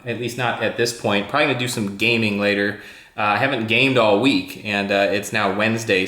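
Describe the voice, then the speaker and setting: A man's voice: on the low side, sharp tone, echoey room. A man chatting casually to camera about his day at home, rambling with plenty of uhs and ums. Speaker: tech YouTuber vlogging his day. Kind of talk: casual vlog talk to camera. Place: at home indoors.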